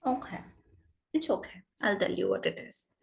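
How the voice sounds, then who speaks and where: A young woman teaching an online class, expressive and demonstrating tones with exaggerated examples. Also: mid-range voice, moderate pace, gravelly.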